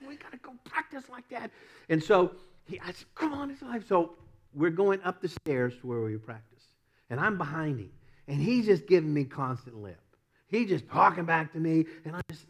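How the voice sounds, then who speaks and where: A middle-aged man preaching a sermon, telling a personal story with lots of laughs, often repeating himself and rising from quiet asides to loud emphatic peaks. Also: on the high side. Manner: repeats and restarts words. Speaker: pastor.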